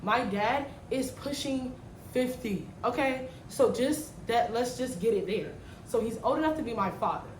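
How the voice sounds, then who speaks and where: A woman in her twenties telling a slangy, animated story while she cooks in her kitchen. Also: on the high side, moderate pace, slight background noise. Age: 20s. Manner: animated, slangy, swings loud when retelling. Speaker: vlogger. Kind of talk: storytime vlog while cooking. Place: home kitchen. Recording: echoey room, mic at a distance.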